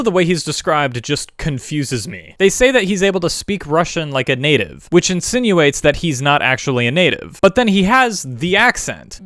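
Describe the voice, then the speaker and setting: A man giving a mocking, sarcastic movie review with deadpan asides, recorded as a close voice-over. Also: fairly high pitch, no echo. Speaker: YouTube film critic.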